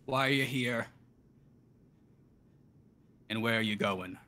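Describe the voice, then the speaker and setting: A man voicing an officious male desk clerk guard who questions people in a brisk, bureaucratic way. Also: medium pitch, bright, forceful tone.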